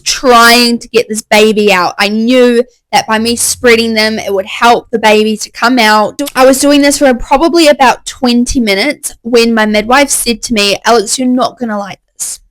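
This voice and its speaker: Young woman, a touch high, candid and excited, casual storytelling to camera, dry close mic. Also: moderate pace, dry recording, rough recording. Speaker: vlogger.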